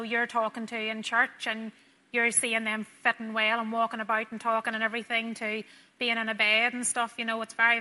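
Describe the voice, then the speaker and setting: Young woman, nurse, storytelling testimony; bright, slightly high voice, softening in tender moments. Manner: earnest, storytelling, drops soft and quiet at tender moments. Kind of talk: personal testimony to a church audience.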